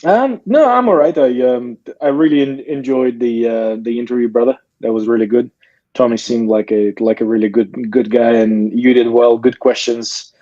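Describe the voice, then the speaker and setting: A man joining a live podcast as a guest, chatting casually in a relaxed, halting way. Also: mid-range voice, no room sound, muffled recording. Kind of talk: casual chat.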